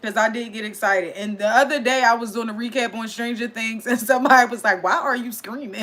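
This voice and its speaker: A woman hosting a casual livestream recap, chatting loudly and excitedly with her chat and reading their comments aloud. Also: fairly high pitch, a little fast.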